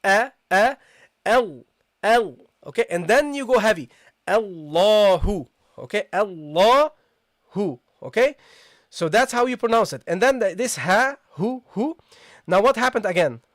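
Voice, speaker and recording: A recitation teacher leads a live online tajweed lesson in a mid-pitched voice, explaining each point patiently and checking in with the class again and again. The sounds being taught are repeated slowly, and the voice is dry and close with no room echo. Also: animated. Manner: addresses listeners casually as "guys".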